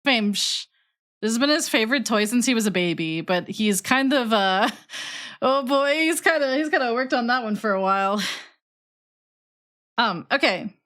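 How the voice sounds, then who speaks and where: A woman's voice: fairly high pitch, lively intonation, measured pace, pauses often, fairly bright tone. A young woman streaming, chatting casually while she builds and talking to her cat in a cutesy voice.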